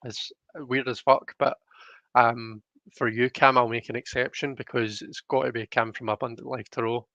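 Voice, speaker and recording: A man's voice: medium pitch, flat delivery, normal speed, bright, forceful tone, dry recording, highs cut off. Chatty Scottish man on a livestream. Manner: rambling, chatty, frequent fillers. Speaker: live stream host. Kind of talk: casual live chat reading comments.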